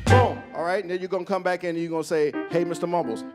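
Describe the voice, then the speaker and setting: A man's voice: high-pitched, little pitch movement, racing, loud music behind the voice. A man on a jazz club stage, leading the audience in a call-and-response with playful, folksy banter and short sung snippets. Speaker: bandleader leading audience participation. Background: live jazz band.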